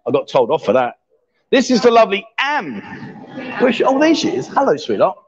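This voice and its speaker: A man's voice: sits high, huge pitch swings, fairly quick, muffled recording. A man hosting a live stream, chatting casually and teasing his guests. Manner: joking, teasing.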